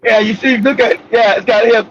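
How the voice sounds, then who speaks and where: A man hosting a casual talk show, telling rambling, profane stories with bursts of shouting. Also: very high voice, fairly even intonation, brisk, slight background noise. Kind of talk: casual storytelling chat. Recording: dull lo-fi audio.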